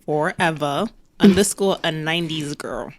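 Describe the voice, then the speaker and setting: A woman guesting on a casual podcast, relaxed and easygoing. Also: deep voice, unhurried, slight background noise.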